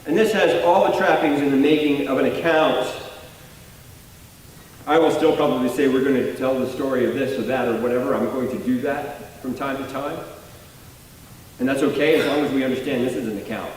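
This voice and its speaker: A man's voice: mid-range voice, steady tone, a little fast, slight background noise. A man preaching a sermon in a conversational, explaining way, often rephrasing and repeating himself. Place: church sanctuary. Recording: echoey hall, voice from a distance.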